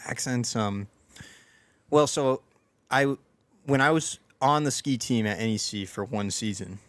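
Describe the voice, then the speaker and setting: A man's voice: medium pitch, measured pace, fairly bright tone, dry recording. A young man hosting a podcast in casual chat, talking in a rambling, self-deprecating way with lots of fillers and restarts. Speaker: podcast host.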